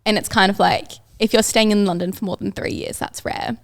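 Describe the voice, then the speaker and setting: A woman's voice: medium pitch, steady tone, fairly quick, gravelly. A young Australian woman in her twenties, a podcast guest telling stories in a chatty way and saying "like" all the time. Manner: chatty storyteller, says "like" constantly. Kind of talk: casual chat. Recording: audio-only podcast.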